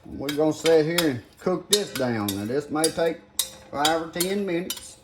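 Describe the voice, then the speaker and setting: In a noisy recording, an older man with a slightly high, expressive voice talks at a normal speed while cooking in his home kitchen. His casual demonstration has a folksy feel, and he calls the viewers "guys" as he works, with pots clattering and food faintly sizzling nearby.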